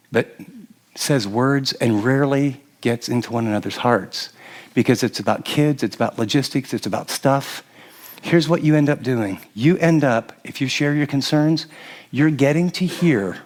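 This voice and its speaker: An older man preaching to a live audience, animated and conversational, often acting out what a husband or wife might say, with frequent restarts. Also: medium pitch. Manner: animated, acts out quoted spouses, frequent restarts. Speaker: pastor. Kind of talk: sermon teaching to a live audience.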